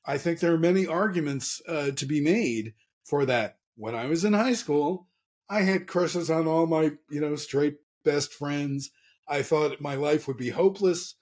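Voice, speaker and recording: A man's voice: fairly high pitch, a little mellow. A man being interviewed as a guest author, talking candidly and earnestly with frequent restarts. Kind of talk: casual interview chat.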